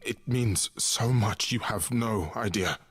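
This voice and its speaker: An actor playing a weary young male god of love in a video game, speaking in a heartfelt, halting way. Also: on the low side, husky. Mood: pained.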